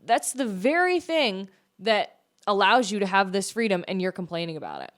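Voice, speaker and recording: A woman's voice: medium pitch, big pitch swings, normal speed. Emphatic woman host ranting on politics. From United States. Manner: emphatic, argumentative, full of rhetorical questions. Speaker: podcast host. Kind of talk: opinionated political commentary monologue.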